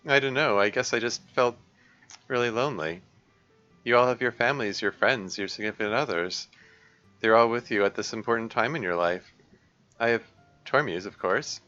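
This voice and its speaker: A man voicing a tired, emotional young woman who speaks haltingly and sounds subdued. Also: mid-range voice, sharp tone, muffled recording, faint music behind, pitched above the performer's own voice, close to an everyday voice.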